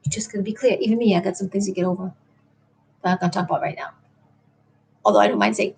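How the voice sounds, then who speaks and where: A woman's voice: mid-range voice, sing-song, fast, creaky, long pauses, darkish tone, husky. A middle-aged woman hosting a late-night livestream, chatting in a meandering way and answering viewers in the chat. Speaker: livestream host.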